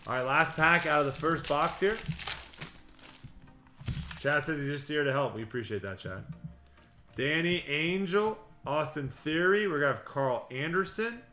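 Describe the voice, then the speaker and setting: A man hosts a trading card break live, reading off each pull in a quick running patter and tossing in jokes. His voice is bright and pushed forward. The room echoes, with music playing underneath. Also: fairly high pitch, expressive. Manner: rapid running patter of player names, joking asides. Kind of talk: livestream card-opening patter.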